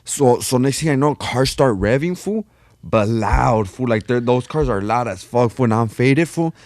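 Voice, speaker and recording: A man's voice: mid-range voice, animated, normal speed, a little mellow, no echo, clean studio sound. Slangy, profane man telling a story. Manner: slangy, profane, says "fool" constantly. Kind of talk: casual chat, storytelling.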